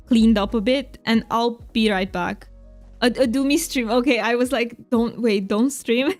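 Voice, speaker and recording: A woman's voice: mid-range voice, darkish tone. A woman from Romania chatting with viewers while she streams a game. She plays up her Romanian accent for fun, talks kindly to chat and laughs easily. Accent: Romanian, played up for fun. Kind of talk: casual live-stream chat while gaming.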